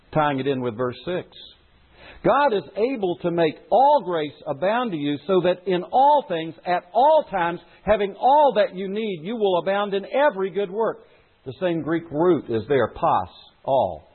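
Male pastor, middle-aged, lively and animated preaching, tinny phone-like sound. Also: high-pitched, slightly rough. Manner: preaching with rhetorical questions to the congregation. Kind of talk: sermon. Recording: phone-like lo-fi recording.

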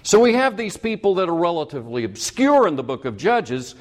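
Male pastor, higher register, teaching sermon; drives points home by repetition. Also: big pitch swings, a little fast. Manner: emphatic, repeats key points; corrects himself mid-sentence. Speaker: preacher. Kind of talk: expository sermon.

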